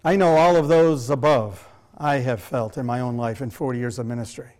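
A man's voice: mid-range voice, moderate pace, a little mellow. An older man preaching a sermon to a congregation, emphatic and full of rhetorical questions. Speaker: pastor.

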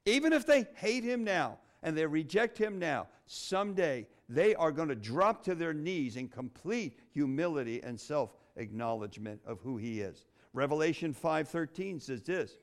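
A middle-aged man preaches with a high voice that leaps up and down in pitch. He speaks expressively, with dramatic pauses and flashes of humor. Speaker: pastor. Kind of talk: sermon.

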